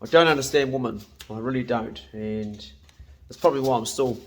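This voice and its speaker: A man's voice: mid-range voice, fairly quick, background noise. A New man in his fifties chatting casually to camera in his home kitchen, blunt, swearing freely and laughing easily. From New Zealand. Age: 50s. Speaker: hunting and cooking vlogger.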